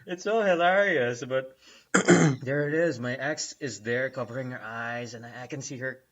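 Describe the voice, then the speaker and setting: A man's voice: mid-range voice, moderate pace, highs cut off. A young man co-hosting a podcast, casually telling a story with lots of laughter. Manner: animated storytelling with laughter and quoted voices. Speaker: podcast co-host. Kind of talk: casual chat.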